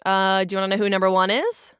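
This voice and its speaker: Smooth-voiced woman explaining comic trivia. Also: medium pitch, quick pace, fairly bright tone, no room sound, clean studio sound. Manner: explains facts at length with fillers and restarts, patiently. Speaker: podcast host presenting comic history. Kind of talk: casual podcast chat.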